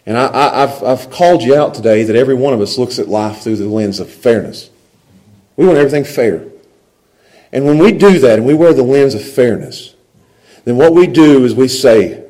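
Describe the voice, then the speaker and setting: A male pastor preaching a sermon, animated and conversational, often checking in with his listeners. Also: medium pitch, moderate pace, low-quality recording.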